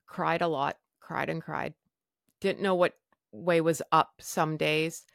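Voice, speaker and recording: Blunt, low-voiced woman telling her story. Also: fairly bright tone, no room sound, studio quality. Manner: blunt, swearing, acts out quoted people. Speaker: podcast host. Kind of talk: candid personal storytelling.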